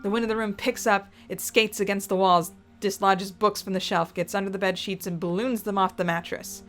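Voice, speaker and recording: A woman giving an expressive dramatic reading of a fan-written story. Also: mid-range voice, a little fast, faint music behind. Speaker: reader of fan fiction.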